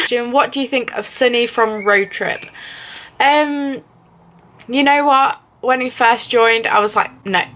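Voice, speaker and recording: A woman's voice: medium pitch, sharp tone. A young woman from England vlogging casually to camera, rambling with many fillers and frequent giggles. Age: young adult.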